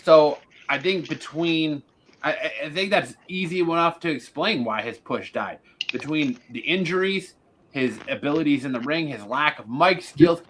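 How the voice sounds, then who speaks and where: A man's voice: on the high side, normal speed, a bit bright, slight background noise, rough recording. A man hosting a casual wrestling podcast, blunt and opinionated, swearing now and then. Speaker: podcast host.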